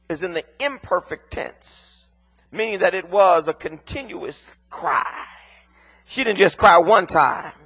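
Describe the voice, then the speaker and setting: Male preacher, very high gravelly voice, slow deliberate delivery, shouted sing-song sermon with repeated phrases. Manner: drops to near whispers for emphasis.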